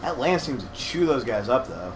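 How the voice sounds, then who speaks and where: A man's voice: mid-range voice, big pitch swings, moderate pace, background noise. Young man explaining game tactics. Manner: explanatory, hedging, self-deprecating. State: slightly scratchy throat. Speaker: co-host gamer guiding his partner. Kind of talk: casual let's-play commentary.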